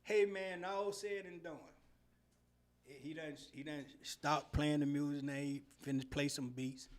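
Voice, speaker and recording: Middle-aged male podcast host, high voice, laughs through his stories, loud and animated. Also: a little slow. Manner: laughs often while telling stories; Southern slang, animated and loud. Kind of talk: casual storytelling chat.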